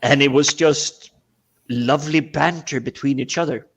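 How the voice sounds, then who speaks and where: A man talks casually on a video call, his voice slightly higher than usual. He often stumbles and restarts his sentences before getting to the point. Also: husky. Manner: halting, stumbling over repeated words. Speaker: panel guest.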